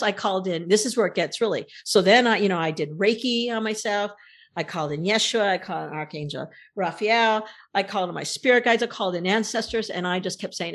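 A woman in casual conversation, telling a long personal story in an animated, rambling way. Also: medium pitch, brisk.

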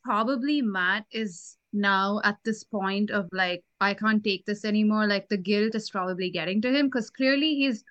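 A woman co-hosting a podcast, thinking out loud in casual chat with many "like" fillers. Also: mid-range voice, normal speed, hardly any pauses, no echo, highs cut off. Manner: thoughtful, with many "like" and "you know" fillers. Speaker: podcast co-host.

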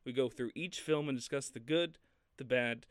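A man co-hosting a film podcast in casual chat, animated and laughing often as he talks. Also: mid-range voice, normal speed, clear, resonant tone, no echo. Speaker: podcast co-host.

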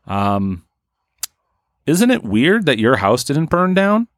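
A man's voice: medium pitch, very animated, slow pace, fairly bright tone, no echo, clean studio sound. A man voicing a naive young man who shrugs everything off in a dopey, wide-eyed way.

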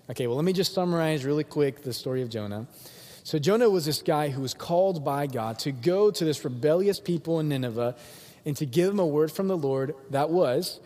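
A young man preaching a sermon, animated and acting out the people he quotes in different voices. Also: on the high side, fairly quick, in a large hall. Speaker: pastor.

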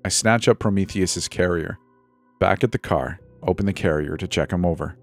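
A man's voice: deep voice, moderate pace, gravelly. A man telling a first-person horror story in a tense, breathless, dramatic way. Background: faint music.

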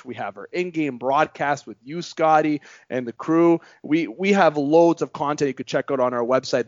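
A man's voice: no echo, highs cut off. Hyped sports podcast host guy. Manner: hyped, promotional delivery with big pitch jumps. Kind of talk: sports talk show hosting.

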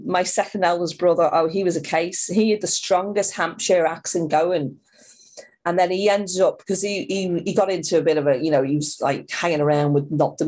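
A middle-aged woman with a Dublin Irish accent that has picked up a Liverpool tinge, talking in a relaxed interview. She tells stories in a lively, conversational way, slipping into other people's voices and often restarting her sentences. Her voice sits a little low for a woman. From born in England, raised in Dublin. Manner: animated, acts out voices in her anecdotes, frequent restarts. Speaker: interview guest. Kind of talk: conversational storytelling.

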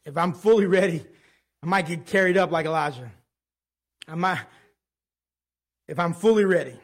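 A man in his thirties preaching a sermon in a conversational, animated way, telling stories from home. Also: a little high, normal speed. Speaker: pastor.

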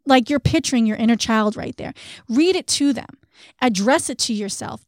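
A woman's voice: a little high, expressive, normal speed, no echo, studio quality. A woman co-hosting a self-help podcast, talking candidly and casually, laughing at herself now and then. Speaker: podcast co-host.

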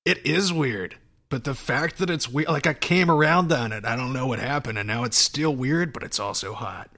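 A man's voice: mid-range voice, normal speed, pushed and bright. A man co-hosting a podcast, talking in a loose, laughing, profane way with lots of restarts. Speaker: podcast co-host. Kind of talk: casual chat.

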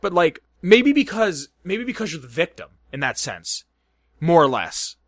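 Animated, lively-voiced man podcasting. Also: a little high, moderate pace. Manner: animated, swearing, laughing storyteller. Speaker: podcast co-host. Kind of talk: casual gaming podcast chat.

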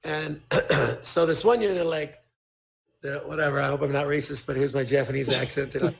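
A man's voice: a little high, fairly quick, vocal fry. A male toy designer telling stories as a guest in casual, profane talk, acting out what people said. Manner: profane, animated, acts out quotes. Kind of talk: casual storytelling.

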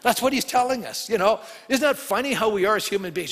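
Animated high-voiced male pastor preaching. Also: brisk, hardly any pauses. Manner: animated, conversational, asks the congregation questions. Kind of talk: sermon. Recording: long hall reverb.

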